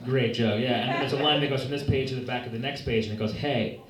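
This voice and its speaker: A young man doing a stand-up set on a club stage, telling deadpan, self-deprecating stories. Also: mid-range voice, racing, very noisy. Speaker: stand-up comedian. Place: comedy club stage, live audience. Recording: roomy live club recording from far off. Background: audience laughter.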